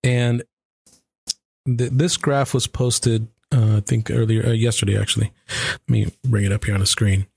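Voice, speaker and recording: A man's voice: fairly low pitch, level tone, normal speed, gravelly, a little mellow, breathy edge, dry recording. Laid-back man presenting a chart. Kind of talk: casual talk show chat.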